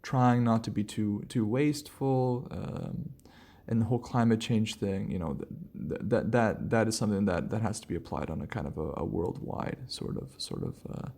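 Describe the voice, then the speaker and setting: A man hosting a relaxed solo podcast, rambling casually with lots of fillers and restarts. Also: on the low side, normal speed, vocal fry. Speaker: podcast host.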